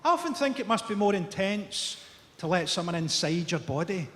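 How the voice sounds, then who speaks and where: A Scottish man in his forties doing a stand-up routine before a live audience, delivering dry, dark one-liners with sharp punchlines. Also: high voice, very animated, normal speed. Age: 40s. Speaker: stand-up comedian. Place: large theatre stage. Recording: echoey theatre stage with roaring crowd.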